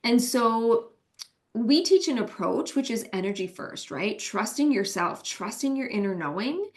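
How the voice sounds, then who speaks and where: A woman's voice: fairly high pitch, expressive, unhurried. A middle-aged woman, a business coach and co-founder, giving earnest, reflective interview answers and often checking in with "right?".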